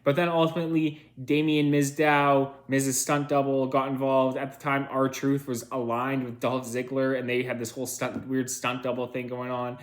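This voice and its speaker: A man's voice: medium pitch, little pitch movement, normal speed, few pauses. A man casually recapping old wrestling matches, rambling with fillers and restarts, a bit tired. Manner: rambling, filler-heavy, self-correcting. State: tired, yawning. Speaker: wrestling reviewer.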